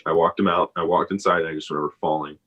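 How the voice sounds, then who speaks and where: Young male co-host, very low voice, rapid talk, slightly muffled lo-fi audio. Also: fairly even intonation, fairly bright tone. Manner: defensive, interjects quick corrections. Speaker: podcast co-host. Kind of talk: casual chat.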